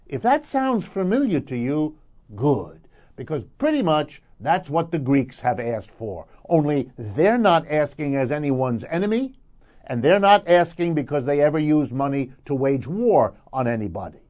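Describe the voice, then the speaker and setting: A man's voice: fairly high pitch, sing-song, moderate pace, a little mellow, highs cut off. A man giving a radio commentary segment, emphatic and lecturing, building his points through repetition. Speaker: economic commentator.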